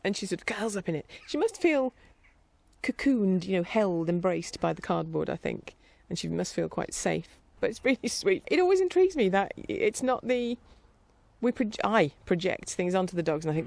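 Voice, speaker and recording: A middle-aged woman chatting casually in a rambling, warm-hearted way, with fillers and light laughter. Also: lowish voice, sing-song, fairly quick, gravelly. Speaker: vlogger. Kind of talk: casual chat.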